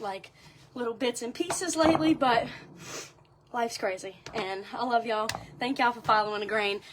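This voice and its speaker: Bright, high-voiced Southern woman chatting live. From Louisiana. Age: young adult. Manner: chatty, greets viewers by place, says y'all often. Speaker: livestream host. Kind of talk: casual chat to live viewers.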